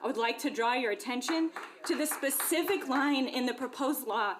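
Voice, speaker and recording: A woman's voice: high voice, moderate pace. A young woman from Glendora, California, a parent giving an impassioned public comment at a school board meeting. She talks earnestly and keeps checking in with her listeners. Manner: earnest, repeatedly checks in with "okay?".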